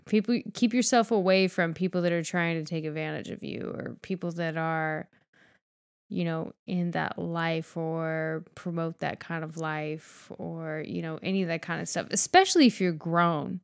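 A woman's voice: low voice, fairly even intonation, normal speed, vocal fry, smooth. A woman co-hosting a podcast in casual chat, talking frankly, rambling with fillers and swearing freely. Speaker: podcast co-host.

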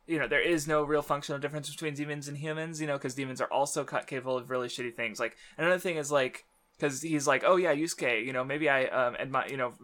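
Rambling man with a bright voice. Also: mid-range voice. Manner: rambling, many fillers and restarts. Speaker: podcast co-host. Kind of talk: casual manga discussion.

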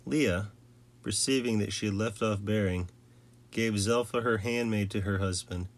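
A man reading scripture aloud in a measured way, with occasional slips and restarts. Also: lowish voice. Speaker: scripture reader.

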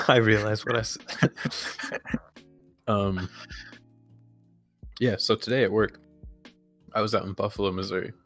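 Lowish-voiced man, laughing storyteller. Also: steady tone, slow pace, long pauses, a bit bright, soft background music. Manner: rambling storyteller, laughs often. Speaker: podcast co-host. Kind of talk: casual chat.

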